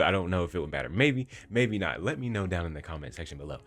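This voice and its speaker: A young man talking to his viewers in a gentle, inviting, emotive way, with deliberate pauses. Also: low voice, animated. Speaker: voice-focused video creator. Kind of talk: reflective talk to camera. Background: faint background music.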